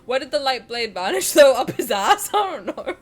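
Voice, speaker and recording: High, lively-voiced woman streamer. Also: normal speed, soft background music. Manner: giggly, crude joking, reads story text aloud. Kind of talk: casual reaction stream chat.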